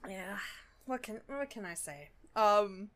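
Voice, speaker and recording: A woman's voice: mid-range voice, animated, takes it slowly, fairly bright tone. A woman co-hosting a podcast, recapping a cartoon in casual chat. She giggles often and swears freely. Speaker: podcast co-host.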